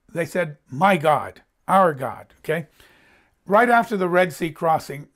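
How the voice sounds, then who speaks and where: A man preaching a sermon, earnest and emphatic, who slows down to dwell on scripture phrases and puts direct questions to his listeners. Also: on the high side. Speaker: pastor.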